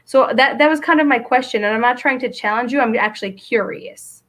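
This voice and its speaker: A woman with a slightly high voice hosting a talk show. She asks pointed, probing questions and drops in frequent short agreeing sounds while her guest speaks. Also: fairly quick, a bit bright. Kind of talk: casual interview talk.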